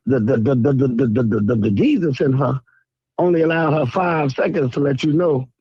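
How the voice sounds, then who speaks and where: A man's voice: mid-range voice, moderate pace, breathy edge, dry recording. A man calling in to a radio show, preachy and exclamatory in how he talks. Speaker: caller. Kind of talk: call-in radio chat. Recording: muffled phone line.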